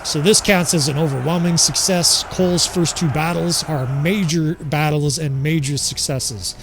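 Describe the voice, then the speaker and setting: A man's voice: on the high side, moderate pace, hardly any pauses, noisy background. Casual swearing man commenting on gameplay. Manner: candid, swearing, addresses viewers as fellas. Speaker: gaming channel host.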